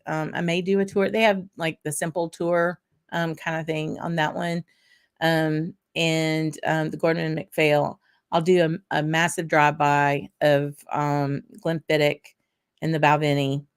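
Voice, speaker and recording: A woman with a Southern US accent hosting a casual whisky livestream, chatting in a rambling way with many ums and easy laughs, pausing to nose and sip a dram. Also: low voice. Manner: tasting and sipping between remarks. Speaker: whisky show host.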